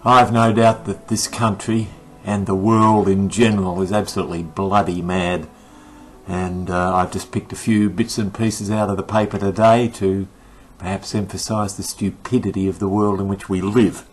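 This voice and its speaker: A man's voice: low-pitched, flat delivery, normal speed, faint music behind, rough recording. An older man, giving an indignant, sarcastic rant about the day's news. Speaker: commentator. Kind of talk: ranting opinion monologue.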